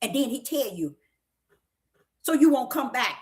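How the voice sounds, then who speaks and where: A woman's voice: sits high, sing-song, a little slow, pauses often, a little mellow. A woman preaching a sermon as a prophetess, folksy and emphatic, who keeps asking her listeners questions and sometimes breaks into laughter.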